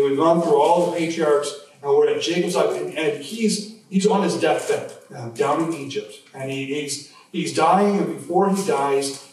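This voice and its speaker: A man's voice: a little high, a little mellow. A man preaching an expository sermon as pastor, conversational, with frequent restarts and fillers. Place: church sanctuary. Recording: very echoey church hall, mic at a distance, faint noise.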